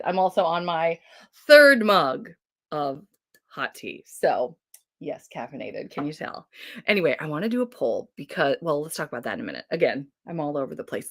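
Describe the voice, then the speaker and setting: A woman's voice: low voice, fairly bright tone. Bubbly woman chatting on a livestream. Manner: bubbly, chatty, quick to laugh. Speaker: livestream host. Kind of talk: casual livestream chat. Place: home.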